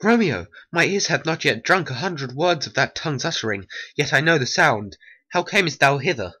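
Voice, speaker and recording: Man doing young woman in love, earnest, bright tone, hobby stop-motion cartoon. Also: fairly high pitch, expressive, normal speed, husky, heavily acted. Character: young lovestruck woman, Juliet.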